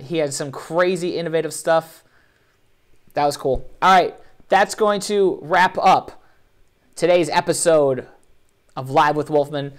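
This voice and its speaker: A man hosting a live online show, commenting on competition videos with animated, joking, playfully sarcastic energy. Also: a little high.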